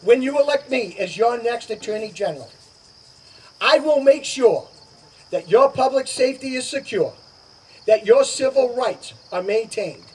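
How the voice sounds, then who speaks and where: Man, high voice, emphatic stump speech, distant outdoor mic, faint insects. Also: animated, moderate pace, a little mellow, a little hiss or hum. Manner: emphatic, repetitive, punchy promises. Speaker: political candidate. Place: outdoor summer garden party. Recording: distant outdoor recording, crickets.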